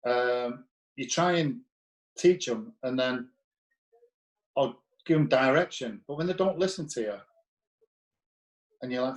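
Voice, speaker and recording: A man's voice: mid-range voice, expressive, a little slow, pauses often, poor audio. A man, a former footballer appearing as a guest, telling stories in a blunt, profane way and acting out quoted dialogue. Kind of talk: casual anecdotal storytelling.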